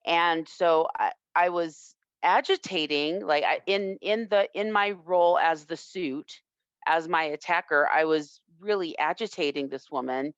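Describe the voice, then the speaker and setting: A woman self-defense instructor telling a personal story in an interview, reflective and earnest with halting restarts. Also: low voice, no echo. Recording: dull lo-fi, dry sound.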